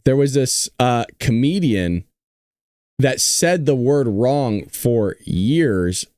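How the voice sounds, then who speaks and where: A man's voice: mid-range voice, expressive, slow pace, darkish tone, no echo, studio quality. A man hosting a casual talk show, joking with his viewers and teasing the chat. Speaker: host.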